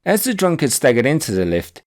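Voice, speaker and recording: A man reading his own book aloud, telling a personal anecdote in a wry, animated way. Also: medium pitch, a little fast. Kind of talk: audiobook narration of a personal anecdote.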